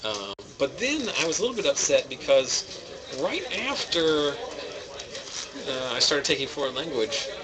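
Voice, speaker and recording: A man's voice: mid-range voice, very animated, a little slow, rough recording. Laid-back West Virginian man over a crowd. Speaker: tournament stream commentator. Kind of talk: casual chat.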